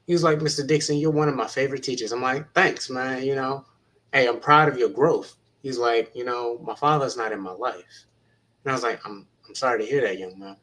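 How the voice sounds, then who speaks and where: Bright voiced teacher guy on a panel, earnest, encouraging the young ones. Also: medium pitch, fairly quick, low-quality recording. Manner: earnest, encouraging, retells conversations. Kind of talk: panel talk, encouraging youth.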